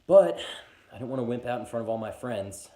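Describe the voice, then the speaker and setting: A man's voice: mid-range voice, fast. Young man telling a comic story. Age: 20s. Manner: animated, acts out every voice in the story. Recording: echoey room.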